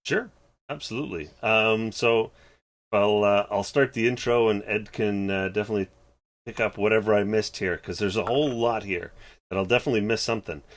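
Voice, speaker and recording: A man talking as a guest in a casual chat, pitching his company's new books with enthusiasm. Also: brisk. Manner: enthusiastic pitching, many fillers. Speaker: game publisher guest.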